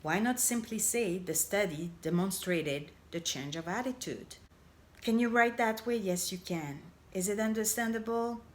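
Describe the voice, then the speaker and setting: This is a casual on-camera grammar explainer from a middle-aged woman who coaches language. Her voice sits mid-range, her delivery is cheerful and forceful, and she lingers slowly over each example phrase.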